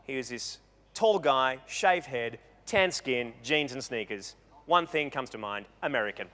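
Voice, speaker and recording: Man, stand-up style speaker, bright edgy tone, loose rambling delivery, reverberant hall recording. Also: medium pitch, unhurried. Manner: animated, joking, rambling with self-interruptions. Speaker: guest speaker at a live talk event. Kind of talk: comedic storytelling talk. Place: event hall with an audience.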